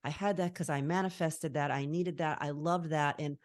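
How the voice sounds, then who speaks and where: Here a middle-aged woman guest chats casually on a call, sounding earnest and thoughtful as she gropes for words. Her voice is deep and a little mellow, with fairly even intonation and a moderate pace. The call recording has clean studio sound and no echo.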